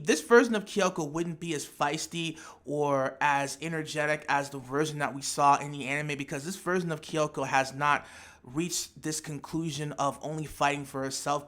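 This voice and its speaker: Man, casual fan-theory monologue, bright tone, somewhat high voice, thinking aloud, repeats words. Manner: speculative, imaginative storytelling. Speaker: anime theory YouTuber. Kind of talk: casual spoken analysis.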